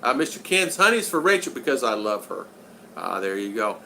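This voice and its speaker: A man's voice: mid-range voice, very animated, a little fast, gravelly, sharp tone, slight background noise, rough recording. A man in his sixties hosting a casual livestream, reading viewer comments aloud in a rambling, folksy, joking way. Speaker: channel host.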